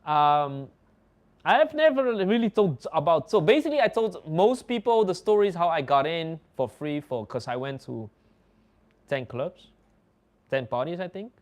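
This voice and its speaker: Lively Dutch guy with a slightly high voice, chatty livestream host who laughs a lot. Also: normal speed. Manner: animated, laughs often, acts out other people's lines. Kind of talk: casual storytelling.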